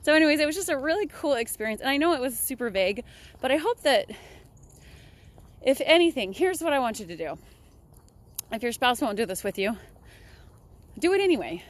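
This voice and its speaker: A woman's voice: high voice, sing-song, brisk, long pauses. A young woman talking casually and upbeat in a motivational vlog, chatting while walking outdoors. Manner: chatty, upbeat, laughs often. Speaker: vlogger.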